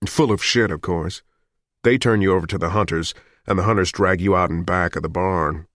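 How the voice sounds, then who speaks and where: Reader as a calm, calculating fugitive, deep and terse. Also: male voice, moderate pace, no room sound, clean studio sound. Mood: tense. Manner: quiet, clipped, controlled. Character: hunted wounded man, cool and calculating. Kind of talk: audiobook character voice.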